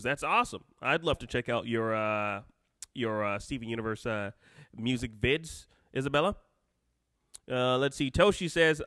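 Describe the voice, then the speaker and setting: A man hosting an unscripted live stream, rambling and excitable, with lots of restarts as he reads out viewer chat. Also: medium pitch, normal speed, dry recording, studio quality.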